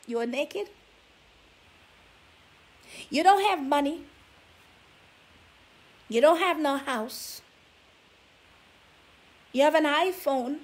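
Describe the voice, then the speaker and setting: A woman's voice: sits high, drawn-out words, pauses often. A woman vlogger giving relationship advice, scolding her listeners with sassy rhetorical questions. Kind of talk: preachy talk to camera.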